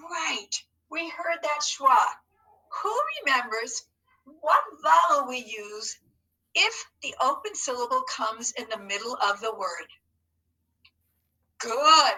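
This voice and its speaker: A woman's voice: high-pitched, bright, forceful tone, distant mic, low-quality recording. A woman teacher giving a recorded spelling lesson to young students in an upbeat, encouraging way. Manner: upbeat, encouraging, slow and deliberate.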